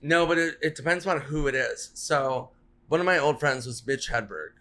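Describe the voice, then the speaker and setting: A man's voice: a little high, moderate pace, sharp tone. A man, a comedian guest on a podcast, rambling through comic stories, swearing and laughing at his own punchlines. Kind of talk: casual podcast chat.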